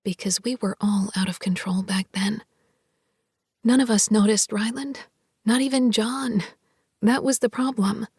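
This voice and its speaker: A woman narrating a first-person romance audiobook in a soft, half-whispered, intimate delivery. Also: mid-range voice, steady tone, a little slow, husky, no echo, clean studio sound.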